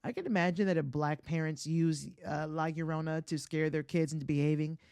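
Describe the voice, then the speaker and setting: A woman hosts a comedy podcast, retelling a legend in a loose, profane, chatty way. She speaks in a lower voice in a very dry, close-sounding room. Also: steady tone, brisk, creaky, a little mellow, clear, resonant tone, no echo. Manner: profane, chatty, laughs often at her own jokes. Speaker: podcast host.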